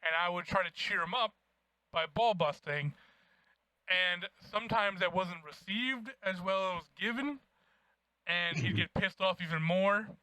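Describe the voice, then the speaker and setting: A young man co-hosting a podcast, telling profane, animated stories in casual chat. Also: high-pitched, unhurried, clean tone, no room sound. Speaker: podcast co-host.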